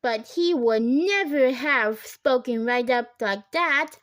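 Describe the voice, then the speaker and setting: Slow, high-voiced woman reading a children's book. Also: fairly bright tone, no echo. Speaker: storybook reader. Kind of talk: children's audiobook narration.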